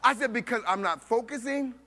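Man, preacher, high voice, animated storytelling, acts out dialogue. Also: brisk. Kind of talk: sermon storytelling.

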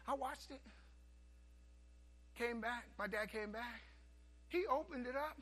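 A man preaching a sermon, telling a story and swinging from hushed asides to loud, animated bursts. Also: very high voice, a little slow.

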